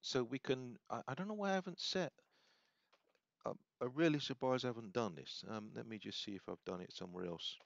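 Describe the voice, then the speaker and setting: A man casually demonstrating software, rambling and correcting himself as he thinks aloud. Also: medium pitch, brisk, gravelly, dry recording. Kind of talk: casual screen-recorded demo. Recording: dull, slightly lo-fi sound.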